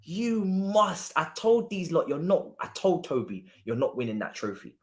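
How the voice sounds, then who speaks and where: A man's voice: on the high side, moderate pace. A man, hosting a football watchalong stream and ranting to mock the rival fans. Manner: animated, mocking rival fans.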